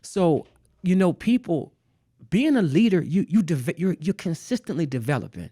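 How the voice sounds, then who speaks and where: A man's voice: a little high, very animated, moderate pace, warm tone, no room sound. A man telling a personal story in a casual conversation. He repeats phrases for emphasis and laughs now and then. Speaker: guest artist.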